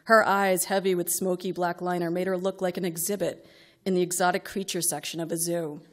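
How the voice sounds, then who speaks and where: A woman's voice: on the low side, little pitch movement, brisk. A middle-aged woman reading a comic personal story aloud to a live audience, wry and exasperated, building to outbursts.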